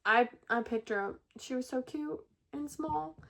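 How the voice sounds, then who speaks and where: A woman's voice: sits high, measured pace, vocal fry, a bit bright. Young woman, chatty vlogger, rambling fillers, restarts, at home. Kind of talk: casual storytelling to camera. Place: at home with pet rabbits.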